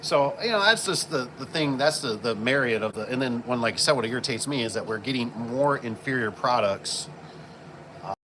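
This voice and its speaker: Casually vlogging from a job site, a garage door installer rambles with lots of fillers as he works with his tools. His mid-range voice is animated and moves at normal speed. Background noise includes vehicles and site activity.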